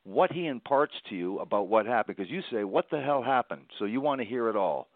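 A man hosting a book interview, introducing his guest formally and asking measured questions. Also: on the low side, lively intonation, dry recording. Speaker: radio show host. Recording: tinny phone-like line, dry.

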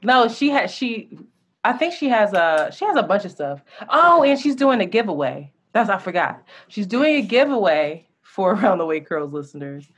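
A woman co-hosting a podcast in casual chat, animated and quick to laugh. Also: medium pitch, husky. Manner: laughs often, animated and chatty. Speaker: podcast co-host.

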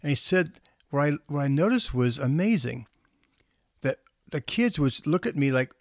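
A male counselor giving a storytelling talk to parents. He speaks in a relaxed, conversational way with small restarts. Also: a little high, moderate pace, dry recording, studio quality.

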